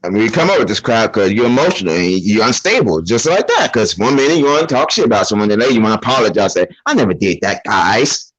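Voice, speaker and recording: A man's voice: fairly low pitch, very animated, lo-fi sound. Swooping, taunting man. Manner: taunting, dismissive, fast-talking. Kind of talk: mocking banter.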